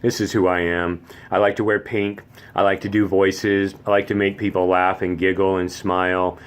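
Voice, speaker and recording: A man's voice: deep voice, level tone, moderate pace, clear, resonant tone. Rambling man in his fifties. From Phoenix area, US. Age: 50s. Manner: rambling, many stammered restarts. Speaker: vlogger. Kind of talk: casual monologue.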